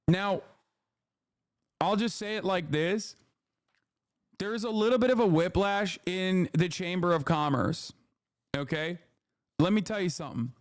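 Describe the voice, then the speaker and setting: A man's voice: high-pitched, measured pace, pauses often, dry recording, clean studio sound. Profane, sarcastic male political streamer. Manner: profane, sarcastic, mocking impressions. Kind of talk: live-stream reaction commentary.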